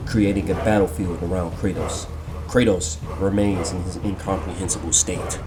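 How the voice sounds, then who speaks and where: A man narrating a fan-made game story in a steady, descriptive storytelling manner. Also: low-pitched, normal speed, a little hiss or hum. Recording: loud music under the voice.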